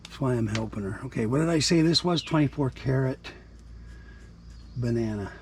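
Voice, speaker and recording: A man talks through a loose, rambling vlog, drifting from topic to topic with casual swearing and self-deprecating asides. His voice sits at an ordinary middle pitch. A faint hum of background noise runs under the recording. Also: animated, normal speed. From Canada. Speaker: vlogger. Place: home and yard with animals, partly outdoors.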